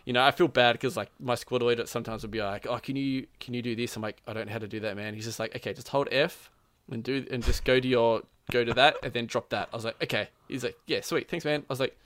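A man's voice: medium pitch, steady tone, fast talker, fairly bright tone, dry recording. A man telling a gaming story in casual chat, rambling with lots of "like" and frequent laughs. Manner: rambling, says "like" constantly, laughs often, acts out quotes.

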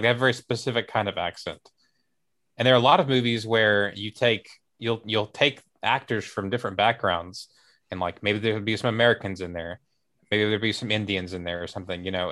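A man's voice: on the low side, fairly even intonation, brisk, fairly bright tone. A man co-hosting a casual discussion, talking in a rambling, hesitant way with many restarts. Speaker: podcast co-host.

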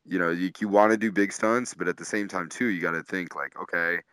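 A man's voice: deep voice, steady tone, brisk, a bit bright, clear, resonant tone, no echo. A man, a comedian and tour manager, casually telling road stories, laid-back and swearing often, laughing through them. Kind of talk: casual storytelling.

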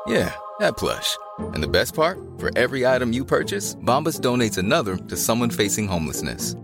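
A man's voice: medium pitch, very animated, fairly quick. A man reading a scripted advertisement in an upbeat, playful way. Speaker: ad announcer. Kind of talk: scripted ad read. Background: music.

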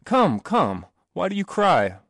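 A mannered, condescending older gentleman holds forth in a raised, lively voice , as a male narrator puts him on. The recording is dry and close. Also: sits high, slow pace, dry recording, pitched above the performer's own voice, full character voice. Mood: surprised. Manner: patronizing, mannered.

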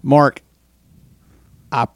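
A man's voice: extremely slow, dry recording. A man co-hosting a podcast in casual chat, telling stories with lots of acted-out quotes. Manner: animated storyteller who acts out quotes. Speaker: podcast co-host.

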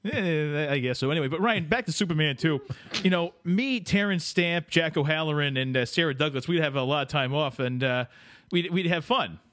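Man putting on a rambling, boastful older actor, a bit higher than his own voice, dry close sound. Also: brisk, fairly bright tone, no room sound, lightly acted. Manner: rambling, name-dropping, chummy. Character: boastful older male veteran film actor. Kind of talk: comedic impression.

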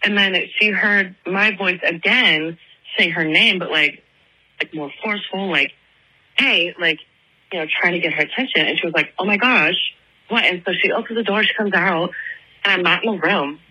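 A young woman in her twenties leaves a rambling voicemail, packed with "like" and fillers. Her voice sits low but bright with a husky edge. It comes through a phone line. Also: normal speed. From Atlanta. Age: 20s. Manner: chatty, filler-heavy, lots of "like". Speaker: listener calling in with a voicemail. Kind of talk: casual phone voicemail storytelling.

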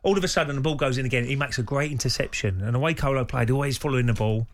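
A man's voice: mid-range voice, racing. Man telling a footballing anecdote. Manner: animated anecdotes, acting out voices. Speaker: radio co-host, former footballer. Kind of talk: casual storytelling.

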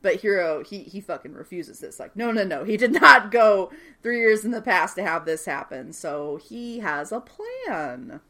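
Bright, animated young woman recapping a show. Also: mid-range voice, a little slow. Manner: animated storytelling, acts out characters' lines, swears and laughs often. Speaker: podcast co-host recapping a TV series. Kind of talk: casual chat.

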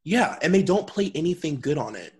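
A man's voice: fairly high pitch, sing-song, fairly quick, a little hiss or hum. A man co-hosting a podcast in casual chat, talking emphatically and swearing now and then. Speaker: podcast co-host.

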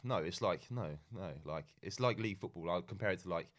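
Young guy, very low voice, laid-back rambling storyteller on a chat podcast. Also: brisk. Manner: rambling, frequent ums and restarts, laid-back. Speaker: podcast guest.

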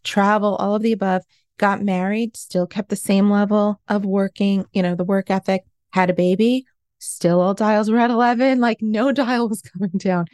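A woman's voice: mid-range voice, steady tone, moderate pace, darkish tone, dry recording, studio quality. A woman in her forties, a life coach, telling her own story in an interview in an earnest, confessional way. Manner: earnest, confessional, self-questioning.

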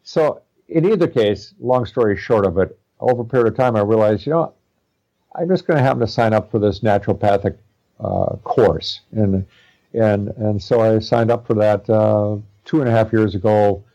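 A man's voice: lowish voice, normal speed, mellow, dull audio. A middle-aged man talking casually as an interview guest, rambling with many fillers and restarts. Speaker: guest, practitioner studying naturopathy.

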